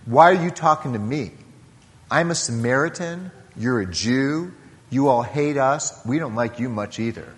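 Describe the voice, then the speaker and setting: A man's voice: medium pitch, expressive, normal speed, big-room sound, voice pushed down, natural voice. A man voicing a blunt Samaritan woman who challenges what she hears, in his own voice as he retells a scripture story. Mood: incredulous. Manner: incredulous, challenging questions.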